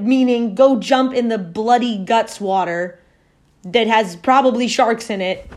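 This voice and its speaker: A woman's voice: a little high, lively intonation, slow. A woman hosting a casual podcast at home, telling a family story in a rambling way full of fillers and self-corrections. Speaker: podcast host.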